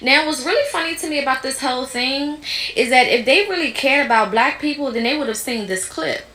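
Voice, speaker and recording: A woman's voice: high-pitched, fairly quick, pushed and bright, echoey room. A woman hosting a podcast, giving heated, indignant commentary on clips. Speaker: podcast host.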